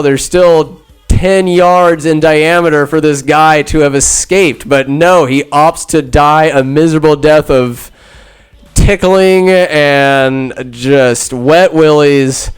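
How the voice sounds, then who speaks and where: A man hosting a podcast, recapping a film in a rambling, sarcastic comic style with loud asides. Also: a little high, clear, resonant tone. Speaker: podcast host. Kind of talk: comedic movie recap.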